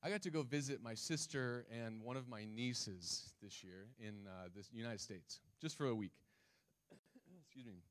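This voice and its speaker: A pastor with a mid-range voice preaches a little slowly, reading scripture and conversing casually with his congregation. He frequently poses questions to them.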